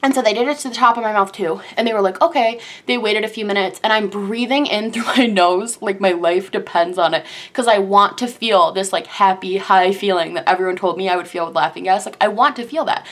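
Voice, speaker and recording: A woman's voice: mid-range voice, fairly quick, hardly any pauses, a bit bright. A young woman vlogger telling a personal story in a dramatic, gushing way, filling her speech with "like". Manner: dramatic, breathless retelling, heavy use of "like". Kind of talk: storytime vlog.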